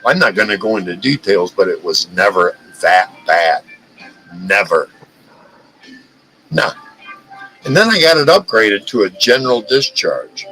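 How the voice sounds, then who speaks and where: A man's voice: on the low side, big pitch swings, unhurried, pauses often, bright, forceful tone, faint music behind, rough recording. A man hosting a live stream, talking in a heated, profane rant and often stumbling over and repeating his words. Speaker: livestream host.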